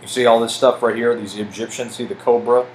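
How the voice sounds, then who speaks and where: A man casually rambling over pictures as a video host, excitable and swearing, stumbling as he reads aloud. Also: mid-range voice, brisk, a little hiss or hum, rough recording.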